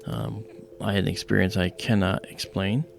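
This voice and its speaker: A man's voice: sits low, big pitch swings, moderate pace, vocal fry, faint music behind. A man hosting a livestream, chatting casually and telling a personal story with many fillers and acted-out quotes. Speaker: livestream host.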